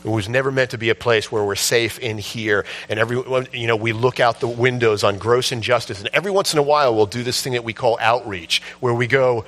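A man preaching a sermon, telling a story with passion and building to shouts at its peak. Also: medium pitch, fairly even intonation, a little fast, hardly any pauses. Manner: impassioned storytelling, rising to shouts at the climax. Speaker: pastor.

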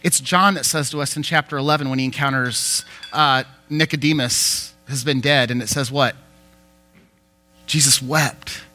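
A man preaching a sermon, telling a personal story in an animated way with many fillers. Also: mid-range voice, moderate pace, few pauses, soft background music. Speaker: pastor.

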